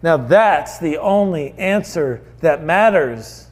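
High-voiced, slow preacher. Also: male voice, a little mellow. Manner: earnest, conversational, storytelling. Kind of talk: sermon.

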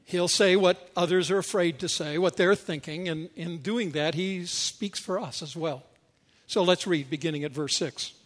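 A man's voice: sits high, moderate pace, big-room sound. A male pastor preaching a sermon, telling the story expressively with strong emphasis.

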